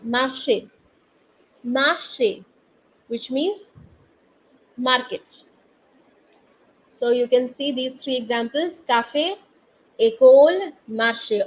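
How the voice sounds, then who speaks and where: A woman teaching a live online French class, explaining accents slowly and quizzing her students through the chat. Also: high voice. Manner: slow, patient, quizzes students via chat. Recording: slightly dull online class audio with faint noise.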